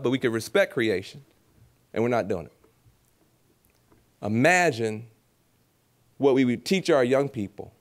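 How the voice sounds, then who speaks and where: A man giving a lively public speech at a gala, animated and preacherly, acting out voices and repeating phrases for emphasis. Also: medium pitch. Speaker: keynote speaker at an awards gala.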